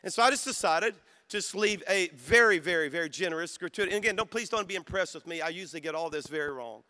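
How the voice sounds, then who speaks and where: A man preaching to a conference crowd, his high voice bright and forceful. He tells his story quietly and then builds to loud, rousing calls for praise. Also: animated, fast talker. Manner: storytelling, dropping to soft voice then rising to shouts. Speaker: pastor. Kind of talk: sermon. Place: conference hall.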